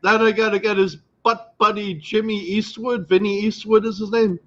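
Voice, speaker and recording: A man's voice: high-pitched, little pitch movement, normal speed, a bit bright, dull audio. A man chatting as a guest, joking and laughing, with stammered starts. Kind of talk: casual chat.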